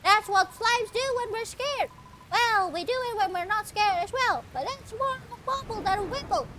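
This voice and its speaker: A woman voicing a jittery little sea creature with a squeaky, chirpy voice. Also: animated, normal speed, noisy background.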